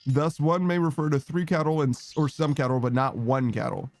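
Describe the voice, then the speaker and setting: A man with a fairly high voice chats loosely with his stream audience, reading messages aloud and drifting off on tangents. He swears freely and laughs often. Faint music plays softly behind him. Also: fairly even intonation, brisk. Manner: rambling, swears often, laughs a lot, reads chat aloud. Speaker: game streamer. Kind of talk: casual livestream chat.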